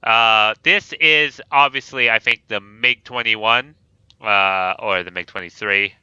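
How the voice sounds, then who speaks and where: A man's voice: on the low side, slow pace, bright, forceful tone, clean tone, no room sound. A man hosting a casual gaming chat, easygoing and joking as he talks through game units. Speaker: host. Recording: dull lo-fi dry mic.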